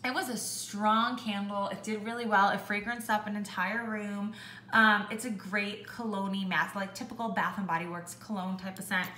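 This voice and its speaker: A young woman chatting casually through a product review, with lots of "like" and an animated way of telling stories. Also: medium pitch, normal speed, a little hiss or hum. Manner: chatty, heavy use of "like", animated when ranting. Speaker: beauty vlogger. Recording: echoey room.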